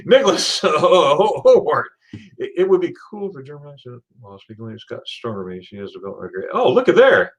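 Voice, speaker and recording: A man's voice: mid-range voice, wildly swooping pitch, fast talker, few pauses, slightly rough. A man hosting a casual livestream, chatting with a guest and reading viewer comments aloud, with frequent restarts. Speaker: livestream host.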